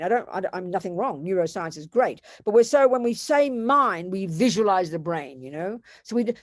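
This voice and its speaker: A woman's voice: mid-range voice, no room sound, clean studio sound. An older woman giving an earnest, emphatic Buddhist teaching, repeating phrases for stress. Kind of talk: dharma talk.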